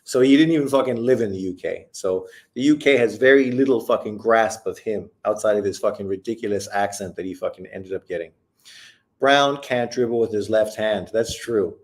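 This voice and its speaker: A man from Canada hosting a casual live stream, talking bluntly and profanely while giving opinions and reading out viewer comments. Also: fairly low pitch. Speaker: host.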